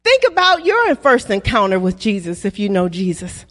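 A woman's voice: medium pitch, very animated, normal speed. A woman preaching a sermon to a congregation, leading call-and-response and repeating key lines. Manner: acts out playful voices in quoted dialogue. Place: church. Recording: long reverb of a church hall.

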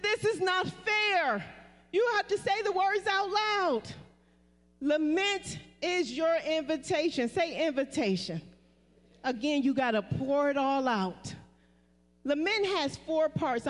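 A woman's voice: very high-pitched, fairly bright tone. A woman pastor preaching a sermon, calling on the congregation to repeat her words. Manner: preaching with call-and-response prompts to the congregation. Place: church sanctuary. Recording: live church recording with long reverb.

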